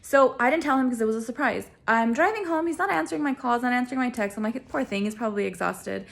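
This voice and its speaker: A young woman telling a personal story to camera in a casual, self-mocking way. She laughs often and acts out quoted lines with big swings in pitch. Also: expressive, fast, creaky. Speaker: vlogger.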